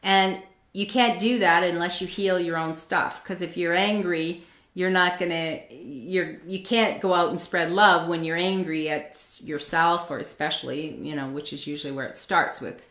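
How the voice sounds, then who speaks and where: A woman hosts a relaxed conversational interview. She talks in a chatty way and drops into quick impressions of what people say. Her voice bounces around a noticeably echoey room. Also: lowish voice. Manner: chatty, acts out quoted voices in dialogue. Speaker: host.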